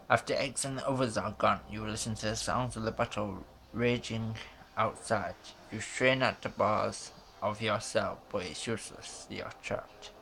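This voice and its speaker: A man reading a story game's narration aloud, in a flat, unhurried way with small stumbles and casual asides. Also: fairly low pitch, creaky, a little hiss or hum.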